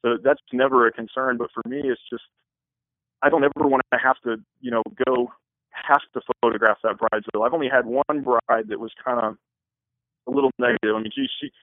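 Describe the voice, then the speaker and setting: A man's voice: medium pitch, lively intonation, brisk, no echo. A man, a wedding photographer, giving earnest, rambling answers in a casual interview. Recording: dry phone-like line.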